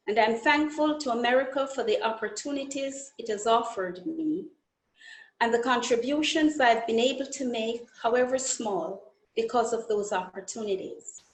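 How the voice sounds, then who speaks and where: A woman from Jamaica reading a formal, proud message in a measured way. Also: fairly high pitch. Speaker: speaker giving an independence day message. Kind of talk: prepared speech. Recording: echoey room.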